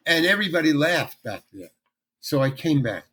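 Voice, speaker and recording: An older man spins a story in an interview, his voice sitting a little high for a man and swinging widely up and down. He slips into other people's lines as he tells it, giving the tale a lively, theatrical feel. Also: moderate pace. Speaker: guest, veteran character actor.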